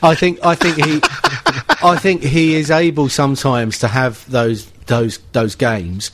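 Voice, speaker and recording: A man's voice: mid-range voice, slow pace, heavy background noise. A man talking football on a casual podcast, thinking aloud with frequent restarts. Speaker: pundit.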